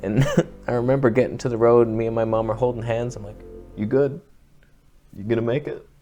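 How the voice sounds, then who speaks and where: A man's voice: medium pitch, steady tone, a little fast, mellow, faint music behind. A young man chatting casually to camera, telling rambling, jokey stories and swearing now and then. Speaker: vlogger.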